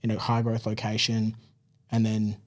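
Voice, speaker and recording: An Australian man telling his story as a podcast guest, chatty and relaxed, with plenty of "like" and "man" in his talk. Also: lowish voice, normal speed. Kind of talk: casual interview storytelling.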